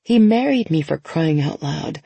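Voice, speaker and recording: A woman narrating a first-person novel in a lively, conversational inner-monologue manner. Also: deep voice, measured pace, gravelly, husky, no room sound. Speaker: audiobook narrator.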